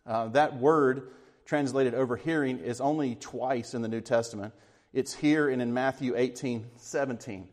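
A man preaching a sermon with a voice of middling pitch. He talks in an earnest, reflective way and sometimes sinks to a hushed tone. The voice rings with the long reverb of a large hall. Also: steady tone, moderate pace. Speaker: pastor.

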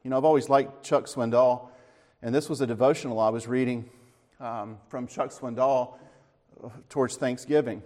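A middle-aged man gives a casual church talk in a folksy, joking manner. His voice sits at an ordinary male pitch, and a long reverb trails each phrase as it carries through a large hall. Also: moderate pace. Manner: folksy, tells corny jokes with relaxed asides. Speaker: church speaker.

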